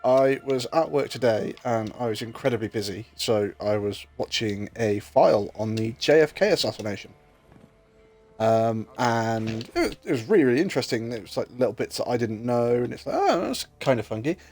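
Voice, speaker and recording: A man's voice: medium pitch, normal speed, faint music behind. A British man in his thirties chatting casually while streaming a game, joking and telling stories with plenty of swearing. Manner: animated, joking storyteller who swears freely. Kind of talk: casual chat while gaming.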